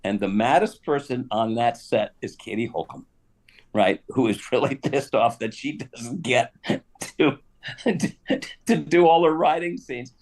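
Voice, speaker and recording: An older man telling a story casually on a live stream, animated, with laughs and asides. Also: mid-range voice, unhurried. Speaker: guest actor telling stories.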